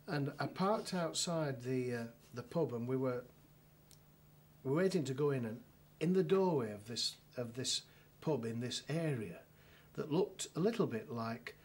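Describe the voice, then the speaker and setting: A man's voice: medium pitch, expressive, a little slow, slightly rough. A middle-aged man with a northern English accent, telling a dry anecdote as a solicitor in a documentary interview, with many restarts and fillers.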